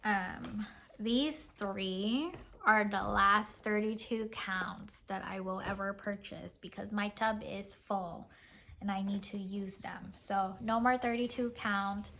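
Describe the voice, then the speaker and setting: Woman vlogger, unhurried chatty show-and-tell, giggly, faint hiss behind. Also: medium pitch, fairly even intonation, pushed and bright. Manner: chatty, giggly, says "like" often. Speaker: cross-stitch vlogger. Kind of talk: casual show-and-tell chat.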